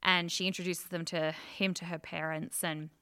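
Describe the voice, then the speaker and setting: A woman's voice: fairly low pitch, flat delivery, normal speed, pushed and bright, smooth. A woman co-hosting a casual film review chat, gushing with enthusiasm and acting out scenes as she retells them.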